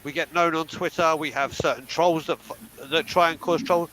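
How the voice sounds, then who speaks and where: A high-voiced man speaks bluntly and with heavy emphasis, swearing freely as he co-hosts a podcast panel. Faint ambient noise sits under the call. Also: fairly even intonation, moderate pace, fairly bright tone, rough recording. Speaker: podcast co-host. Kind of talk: candid panel talk.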